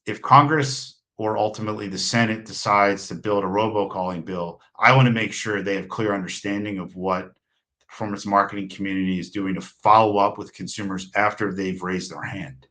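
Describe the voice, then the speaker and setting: A man speaking as a consultant guest on a webinar, giving unscripted expert answers with many fillers, restarts and pauses. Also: on the low side, fairly even intonation, sharp tone.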